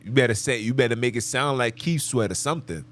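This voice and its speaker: A man's voice: mid-range voice, quick pace, fairly bright tone. A man hosting a live podcast monologue, talking emphatically and preachily and repeating his phrases. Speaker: podcast host.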